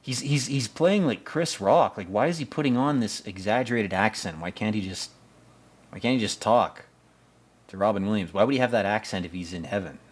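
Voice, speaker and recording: Low-voiced man rambling movie commentary. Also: fairly quick. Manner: rambling, blunt and profane, with many fillers. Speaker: podcast host.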